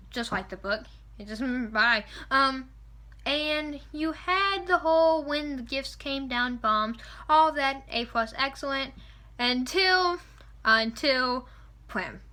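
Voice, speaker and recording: Young woman vlogging, high bright voice, rambly and worked up, right up on the camera mic. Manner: excitable, rambling, opinionated. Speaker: vlogger reviewing a film. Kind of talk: casual chat. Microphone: camera mic at close range.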